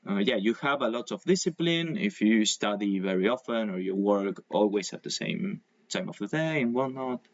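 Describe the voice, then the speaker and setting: A man whose first language is Spanish teaches English over a video call. He explains patiently with examples and drawn-out pronunciation. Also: fairly low pitch, animated, highs cut off. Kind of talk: online English lesson.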